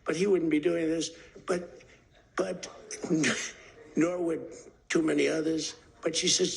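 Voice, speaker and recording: A man's voice: a little high, slow, creaky, long pauses, low-quality recording. A man giving a rambling off-the-cuff speech as president, emphatic and repetitive, acting out stories. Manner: animated storyteller acting out quotes.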